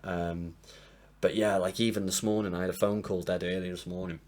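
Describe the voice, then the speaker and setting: A man's voice: deep voice, little pitch movement, fairly quick, a little mellow. A man rambles casually through an album ranking at his desk. He sounds tired and is self-deprecating and apologetic as he talks. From England. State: tired from lack of sleep. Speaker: music reviewer. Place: home room at a desk. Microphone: desk mic propped up, sometimes knocked.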